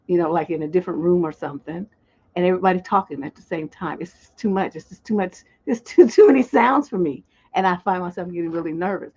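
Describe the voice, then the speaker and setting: Husky, blunt woman relationship coach. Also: on the low side, a little mellow, highs cut off. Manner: blunt, profane, conversational. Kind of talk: livestream advice talk.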